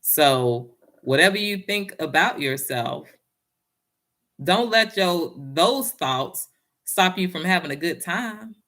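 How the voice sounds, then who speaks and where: A woman's voice: fairly low pitch, animated, slow, fairly bright tone. A woman giving a casual motivational talk and telling a personal story, speaking in a down-home way and often addressing her listeners directly.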